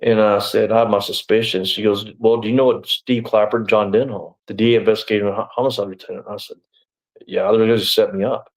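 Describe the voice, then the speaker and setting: A man's voice: fairly low pitch, flat delivery, fast, poor audio. A middle-aged man telling his story as an interview guest, rambling and blunt, full of "you know" and restarts. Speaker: interview guest, former sheriff's deputy.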